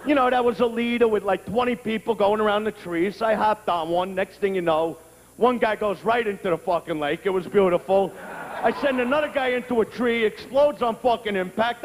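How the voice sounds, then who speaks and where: A stand-up comedian with a very high voice fires off crude stories in a brash, profane set, often bursting into shouts. His voice rings with a long reverb over faint background noise.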